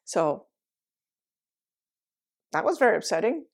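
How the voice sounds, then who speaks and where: A woman's voice: medium pitch, expressive, normal speed, a little mellow. A middle-aged woman, a meditation teacher, telling a personal story in a candid, reflective way, laughing now and then. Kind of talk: storytelling talk.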